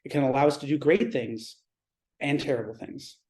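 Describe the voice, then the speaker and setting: A man giving a Zen dharma talk in a reflective, measured way, pausing and restarting his thoughts. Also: medium pitch, darkish tone.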